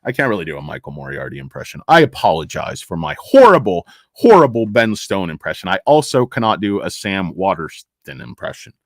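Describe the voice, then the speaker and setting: A man's voice: fairly low pitch, sing-song, fairly quick, no echo, studio quality. A man hosting a casual livestream about stocks, rambling and sarcastic as he reads and answers chat. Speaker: livestream host discussing stocks.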